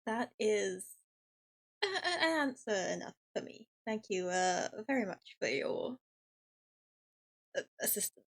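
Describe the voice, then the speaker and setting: A woman playing her character in a tabletop game, speaking politely with a lively, swooping voice. Her voice is slightly husky and sits fairly high. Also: unhurried, pauses often. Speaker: player.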